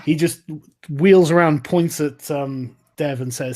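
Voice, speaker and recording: A man's voice: fairly high pitch, slow pace, few pauses, darkish tone. A man narrating as game master, often hesitant and laughing.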